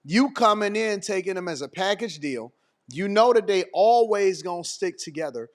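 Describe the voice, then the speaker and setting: A man's voice: sits high, lively intonation, moderate pace. A man hosting a channel, reacting to a clip with blunt, emphatic, slangy commentary. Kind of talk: opinionated commentary.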